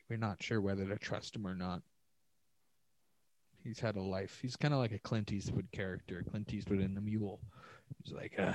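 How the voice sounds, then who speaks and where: A man's voice: fairly low pitch, warm tone, no room sound. A man hosting a podcast alone, ranting in a loose, profane, sarcastic ramble, recorded close on a podcast mic. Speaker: podcast host. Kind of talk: solo rambling podcast monologue.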